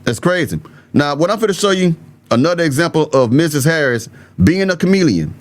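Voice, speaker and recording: A man's voice: fairly high pitch, sing-song, brisk. A man from the Southern United States with a mild Southern accent, hosting an opinionated video commentary and talking bluntly and emphatically straight to his viewers. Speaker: political commentary host.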